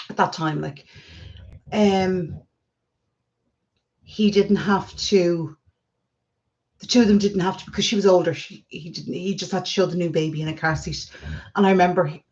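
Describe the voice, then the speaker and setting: An Irish woman in her forties telling family stories in a casual, chatty vlog. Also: lowish voice. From Ireland. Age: 40s. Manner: chatty storytelling, lively retelling. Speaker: vlogger. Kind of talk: casual chat. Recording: slightly dull lo-fi sound.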